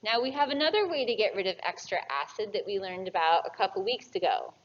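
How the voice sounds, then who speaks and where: In this anatomy lecture, a medium-pitched female instructor talks fast over muffled audio. Her classroom style is energetic: she quizzes the students, supplies the answers, and tags statements with "right?"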